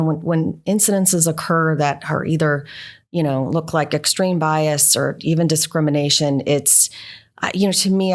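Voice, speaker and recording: A middle-aged woman, an engineering leader, telling stories earnestly in an interview and often checking in with "right?". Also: deep voice. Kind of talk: conversational storytelling.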